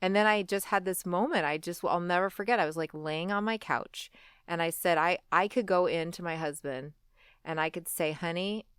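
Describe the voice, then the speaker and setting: A woman's voice: normal speed, smooth, no room sound, clean studio sound. A woman in her forties telling a personal story in a candid, conversational interview, full of "like" and "you know", often acting out what she said back then. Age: 40s. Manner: conversational, fillers like "like" and "you know", acts out her own past lines; drops quiet and low when recalling regret. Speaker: guest.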